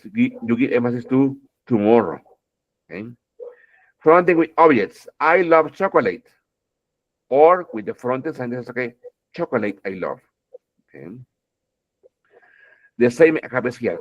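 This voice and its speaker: Male English teacher, animated pitch, keeps asking "okay?", dull video-call sound. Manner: keeps checking in with "okay?", repeats words, addresses students fondly. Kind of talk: online English grammar lesson.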